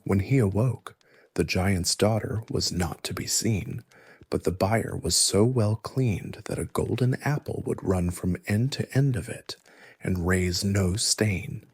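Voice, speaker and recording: A man narrating a folktale in soft ASMR storytelling, hushed and soothing. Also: low-pitched, slightly rough, dry recording. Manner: slow, hushed, soothing delivery.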